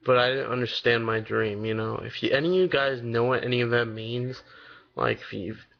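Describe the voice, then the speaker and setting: A young man of eighteen talks straight to his audience in a loose, wandering vlog ramble, full of "like" and "you know" and casual swearing. His voice has a gravelly fry to it, and the audio sounds dull and lo-fi, like a cheap home setup. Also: mid-range voice, steady tone, moderate pace. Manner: rambling, loose and profane, many fillers. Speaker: vlogger.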